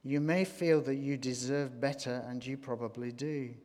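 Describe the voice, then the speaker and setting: A man preaching a sermon, slow and deliberate, rising to emphatic points. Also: medium pitch, fairly even intonation, a little mellow. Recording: long hall reverb.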